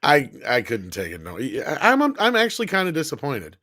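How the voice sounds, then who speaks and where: A man's voice: on the high side, huge pitch swings, normal speed, crowd noise. A man co-hosting a casual livestream, wry and cursing, reading out viewer messages. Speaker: co-host.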